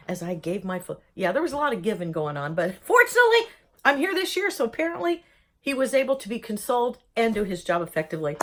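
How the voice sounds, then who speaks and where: A woman recounting her own experience in a vlog, full of humor and little acted-out voices. Her voice sits a little high and leaps around in pitch as she talks. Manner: lively, jokey, acts out voices in quotes. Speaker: vlogger telling her own story. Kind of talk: animated personal storytelling.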